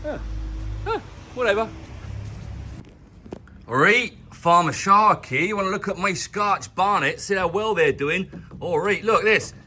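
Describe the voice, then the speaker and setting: A man's voice: sits high, animated, a little slow, pauses often, bright, forceful tone, slight background noise. A man hosting a casual, jokey weather vlog outdoors in his garden, chatting straight to the viewer. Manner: playful, jokey, talks to the viewer. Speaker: weather update host.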